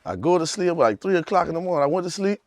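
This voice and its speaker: A man's voice: a little high, animated, quick pace, no echo. Man telling a rambling story. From Louisiana. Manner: rambling, repeats "you hear me". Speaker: rapper guest. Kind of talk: casual storytelling interview.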